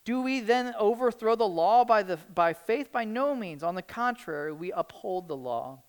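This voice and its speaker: A woman's voice: medium pitch, lively intonation, moderate pace, clear, resonant tone. A middle-aged woman preaching a sermon in an earnest, conversational way, often saying "like". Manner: earnest, conversational, many "like" fillers.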